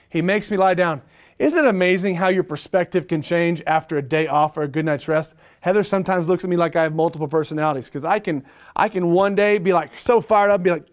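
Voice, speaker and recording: A middle-aged male pastor preaching a sermon, animated and repetitive, asking the room questions. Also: sits high, brisk. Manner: animated preaching with repeated phrases and rhetorical questions.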